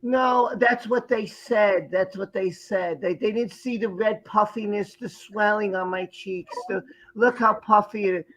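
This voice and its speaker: A man's voice: high voice, steady tone, a little slow, fairly bright tone, a little hiss or hum, low-quality recording. A man mocking a whiny, evasive actress on the stand. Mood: whiny defensive. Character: defensive female actress testifying on a witness stand. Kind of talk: mocking impression.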